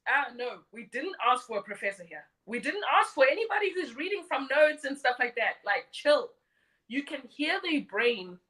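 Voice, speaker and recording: A woman in her thirties hosts a live stream, delivering an opinionated monologue in a blunt, mocking manner and mimicking others. Her voice sits high with a sharp tone, and the recording is rough.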